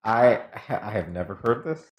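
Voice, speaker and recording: A man with a lowish voice co-hosts a morning talk segment. He reads out meanings with dry, wry humor in a casual, conversational way. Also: animated, moderate pace. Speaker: morning show co-host. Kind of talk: casual studio chat.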